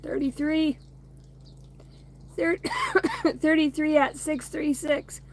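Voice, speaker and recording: A woman in her thirties runs a loose card-reading chat, rambling from one thought to the next and swearing freely. Her voice sits a bit high. She records on a phone outdoors, with faint noise behind her. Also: fairly even intonation, takes it slowly. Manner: rambling, swearing, laughing between remarks. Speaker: oracle card reader streaming to viewers. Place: outdoors by a bonfire at home.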